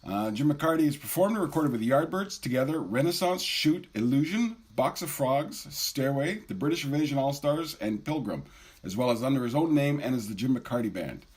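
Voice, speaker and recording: Slightly husky man in his fifties interviewing. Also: medium pitch, animated, fairly quick, darkish tone. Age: 50s. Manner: eager, friendly fan. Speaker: podcast host, interviewer.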